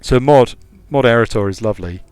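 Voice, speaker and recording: A man's voice: mid-range voice, a little fast, darkish tone, smooth, soft background music. A British man, a game designer, giving casual, digressive commentary while he plays a strategy game. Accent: British English. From United Kingdom. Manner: digressive, musing aloud. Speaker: game designer streaming his play.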